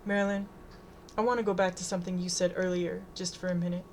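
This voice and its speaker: A woman's voice: fairly low pitch, level tone, quick pace, a little mellow, a little hiss or hum, natural voice. A woman reading the part of a protective middle-aged mother, firm but tender. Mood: wry.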